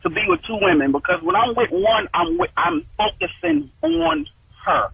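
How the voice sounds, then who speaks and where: A man's voice: very high voice, huge pitch swings, moderate pace, vocal fry, husky, no room sound, narrow, tinny audio. A man on a radio show telling a crude joking story.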